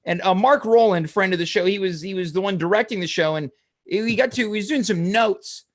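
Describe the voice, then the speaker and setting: A man's voice: sits high, a little fast. Easygoing male talk show host. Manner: easygoing, teasing, steers the conversation. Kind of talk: casual talk show chat.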